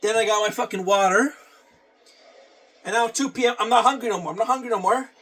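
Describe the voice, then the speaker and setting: A man's voice: sits high, a little fast, fairly bright tone, distant mic. A man talking casually through his day and a workout, repeating phrases and swearing offhand. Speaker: vlogger.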